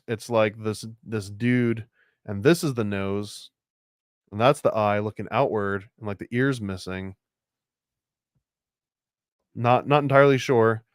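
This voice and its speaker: A man's voice: fairly low pitch, clean tone, no room sound, clean studio sound. A man hosting a casual show-and-tell of picture book art, rambling and unsure, full of likes and restarts. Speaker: host.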